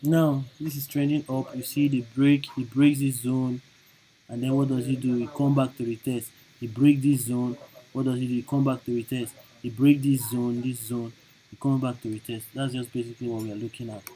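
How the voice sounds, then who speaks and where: A man's voice: medium pitch, steady tone, moderate pace, mellow, poor audio. A man teaching chart trading over a screen recording, repeating each point and checking in with "okay?" and "right?". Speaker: trading instructor.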